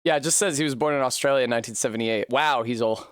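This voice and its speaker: A man streaming a game live, animated and swearing freely between bursts of laughter. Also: mid-range voice, very fast, dry recording. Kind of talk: live gameplay commentary.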